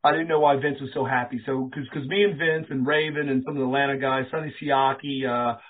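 This former pro wrestler, heard as an interview guest on a tinny phone-like connection, has a medium-pitched voice and talks a little fast. He tells his wrestling stories with animation, voicing the people he quotes and dropping casual swears along the way.

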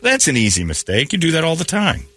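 A man hosting a morning radio show, telling animated stories and acting out the people in them in a casual, joking way. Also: fairly high pitch, fast, slightly rough. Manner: animated storytelling with laughs and acted-out quotes.

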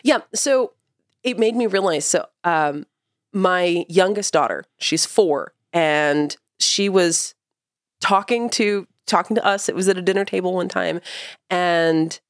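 Woman, 30s, parenting podcast co-host; thoughtful and easy to laugh, slightly low voice, dry close mic. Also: unhurried, no room sound. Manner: reflective, laughs often, explains carefully. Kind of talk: casual parenting chat.

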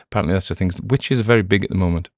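A man's voice: sits low, rapid-fire, darkish tone, dry recording, studio quality. A man hosting a podcast, chatting casually in a rambling way and correcting himself as he goes. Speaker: podcast host. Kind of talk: casual chat.

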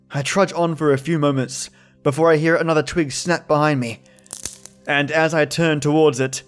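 A man narrating a first-person horror story from a script, measured and tense. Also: on the high side.

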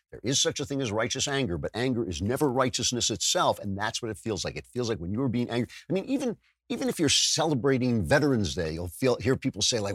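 Animated sarcastic male podcast host. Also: lowish voice, slightly rough, no echo, studio quality. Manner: animated, sarcastic, mimics voices; many restarts and self-corrections. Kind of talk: political commentary monologue.

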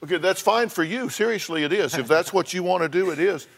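A man's voice: high voice, quick pace, fairly bright tone. Blunt lecturing talk show host, man. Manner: blunt, lecturing, repeats for emphasis. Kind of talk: confrontational counseling.

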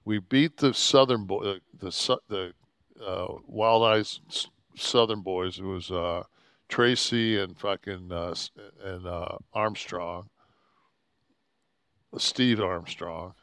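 A man's voice: sits low, slow pace, clean tone, no echo, clean studio sound. A man in his sixties, a podcast host, telling a rambling, profane road story and acting out the people in it. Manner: profane, rambling, animated quoting of others. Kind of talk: casual storytelling.

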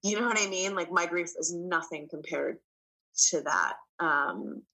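A woman in her thirties, a guest in a casual, heartfelt conversation, speaking earnestly and reflectively, pausing often to find her words. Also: on the low side, pushed and bright, poor audio. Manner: earnest, reflective, hesitant with fillers.

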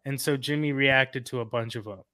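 A man guesting on a sports podcast as a writer, relaxed and easygoing, hedging with fillers. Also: medium pitch, fairly quick, no echo, studio quality. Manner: laughs easily, hedging with fillers. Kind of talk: casual podcast interview.

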